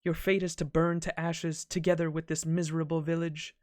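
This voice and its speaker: A man voicing a sorrowful, serenely cruel knight archer from a game, reading his lines in a calm, soft and measured way. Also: a little high, no room sound, studio quality, pitched above the performer's own voice, lightly acted. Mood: coldly serene.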